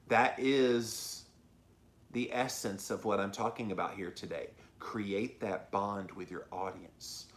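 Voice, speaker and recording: A man's voice: mid-range voice, unhurried, echoey room. A man hosting his own show, talking earnestly and emotionally straight to his viewers in a casual, confessional way. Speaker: host. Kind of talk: casual talk to camera.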